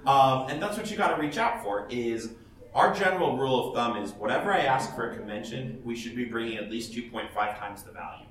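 A man's voice: mid-range voice, animated, fairly quick, fairly bright tone. A man giving blunt, chatty advice to an audience as a professional cosplayer, laughing often and restarting his sentences. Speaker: professional cosplayer speaking at a panel. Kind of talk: casual advice talk to an audience. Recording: echoey hall, voice from far off, faint ambience.

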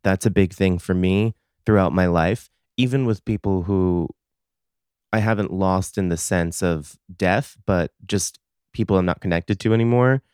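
A man hosting a podcast, talking in a relaxed, reflective way and swearing casually. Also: deep voice, normal speed, clean tone, dry recording, studio quality. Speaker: podcast host. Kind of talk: casual conversation.

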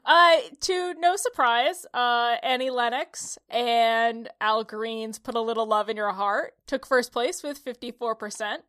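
Woman, upstate New York, podcast co-host, giggly, rambling, slightly high voice. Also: a little slow, few pauses, a bit bright, dry recording, clean studio sound. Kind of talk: casual chat.

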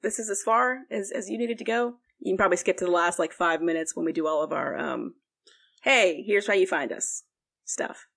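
A young woman co-hosts a podcast and rambles through a casual recap, leaning on fillers as she goes. Her voice sits fairly low and has a lot of vocal fry on it. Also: fairly even intonation, quick pace, few pauses, fairly bright tone. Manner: rambling, heavy use of "like", frequent fillers. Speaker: podcast co-host. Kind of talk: casual book recap chat.

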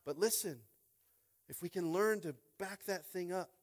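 A man preaching a sermon in an animated way, tossing out call-and-response asides and swinging from loud to hushed. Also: sits high, moderate pace. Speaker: pastor.

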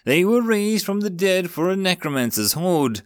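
A man voicing a cheerful, blunt young male goblin in a storybook reading, in a high chirpy voice. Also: sing-song, normal speed, smooth, no echo, clean studio sound.

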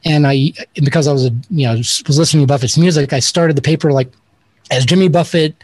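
Man, interview guest, husky tone, fairly high voice, rambling self-deprecating anecdotes. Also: quick pace, a little mellow, no room sound. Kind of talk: casual interview storytelling.

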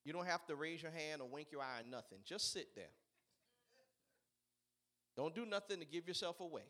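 A man preaching a sermon, swinging between shouted, fiery peaks and quiet, conversational asides. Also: a little high, expressive, normal speed. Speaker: pastor.

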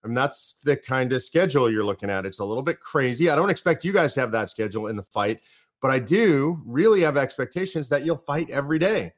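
A podcast host from the United States talks politics in an expressive, mid-range voice at a fairly quick pace. Emphatic and fired up, he hammers his points home with runs of repeated phrases.

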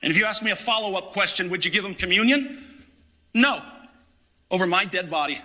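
A man's voice: sits high, brisk, pushed and bright. A man, a parish priest, preaching an impassioned, indignant sermon in a church.

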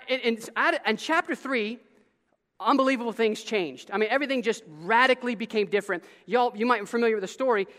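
A man preaching a sermon as pastor, in an animated style full of casual asides and quick restarts. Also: sits high. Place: church sanctuary. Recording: long reverb of a large hall.

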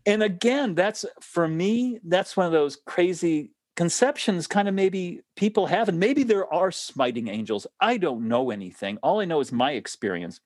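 Male guest in casual chat, animated and laughing, lively delivery in a dry, close recording. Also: high-pitched, moderate pace, few pauses, dry recording. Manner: animated, laughs often, restarts sentences.

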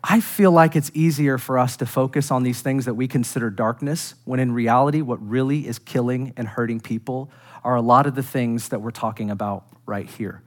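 A middle-aged man preaching a sermon, earnest and direct with the congregation, building to emphatic peaks and dropping quiet again. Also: mid-range voice, steady tone, normal speed. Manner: direct address to congregation, self-deprecating humor. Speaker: pastor.

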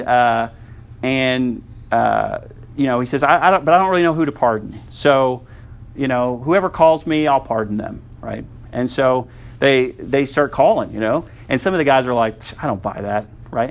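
A man preaching a sermon in a conversational teaching style, often checking in with the listeners with quick asides. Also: medium pitch. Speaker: pastor.

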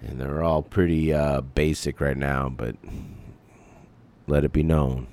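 A man's voice: a bass voice, fairly even intonation, takes it slowly, creaky, a little mellow. A man hosting his podcast in casual chat, rambling about being a parent and swearing lightly. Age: adult parent. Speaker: podcast host.

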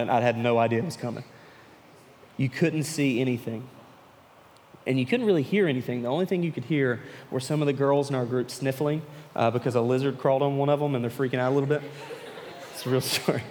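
A man preaching a youth sermon to a room of listeners, telling a personal story with animated delivery that turns earnest and hushed. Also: medium pitch. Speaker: youth pastor. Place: large room with an audience. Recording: long reverb of a large hall.

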